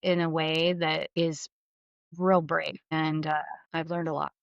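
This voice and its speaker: A middle-aged woman as a podcast guest, telling candid, animated stories and acting out the voices she quotes. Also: sits low, slow pace, creaky, no echo. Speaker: guest, mortgage business leader. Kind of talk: candid storytelling interview. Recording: slightly dull studio sound.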